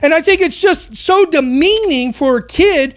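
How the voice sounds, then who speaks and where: A woman's voice: sits high, expressive, moderate pace. A woman hosting a podcast, delivering an impassioned opinion monologue full of rhetorical questions. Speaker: podcast host.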